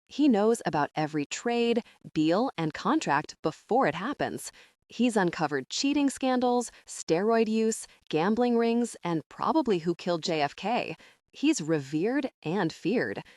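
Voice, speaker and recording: Expressive woman narrating an audiobook. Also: mid-range voice, unhurried, no echo, studio quality. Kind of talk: first-person audiobook narration.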